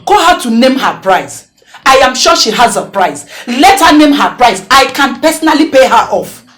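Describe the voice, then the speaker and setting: An actress playing a scornful, scheming wife urging bribery, speaking with a Nigerian accent. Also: female voice, high-pitched, big pitch swings, moderate pace, a bit bright. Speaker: politician's wife.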